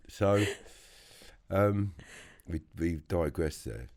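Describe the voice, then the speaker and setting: A man with a London accent telling his story as a podcast guest, blunt and animated, swearing freely. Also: low-pitched, a little fast. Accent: London English. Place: podcast studio.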